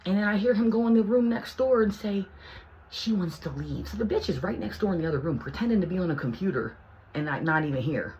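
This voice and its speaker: A woman tells a personal story to her viewers in a heated, rambling way, swearing freely and restarting her thoughts as she goes. Her voice sits at an ordinary pitch but swings from hushed asides to near shouts. A faint hiss of noise runs underneath. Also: fast talker, dull audio. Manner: rambling with many restarts and fillers. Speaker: vlogger.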